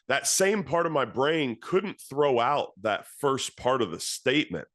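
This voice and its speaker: A man's voice: medium pitch, expressive, a little slow, few pauses, fairly bright tone, no room sound, studio quality. A man, a football coach in his thirties, telling a story in an earnest, storytelling way and repeating phrases for emphasis. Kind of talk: motivational talk to coaches.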